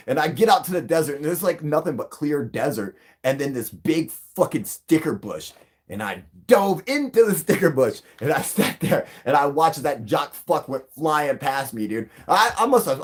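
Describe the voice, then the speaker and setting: A man's voice: medium pitch, very animated, normal speed, slightly rough. A man hosting a live stream, telling a rambling, profane story with frequent laughter. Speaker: livestream host.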